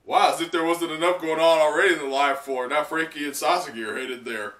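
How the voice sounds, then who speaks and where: Young male reaction host, excitable, bright and lively, roomy off-mic sound. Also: a little high, brisk, recorded from a distance. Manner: excitable, many fillers and laughs. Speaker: manga reaction channel host. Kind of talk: live reaction and recap.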